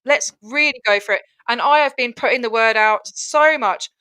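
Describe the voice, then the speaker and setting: A woman from Scotland with a Glasgow Scottish accent, chatting casually as a guest over a video call, lively and quick to laugh. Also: a little high, clean tone. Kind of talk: casual chat.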